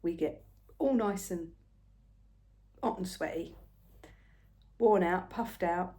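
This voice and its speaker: An older woman, telling a rambling everyday story in a casual, chatty way, often soft and murmured. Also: fairly low pitch, slow. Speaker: craft vlogger.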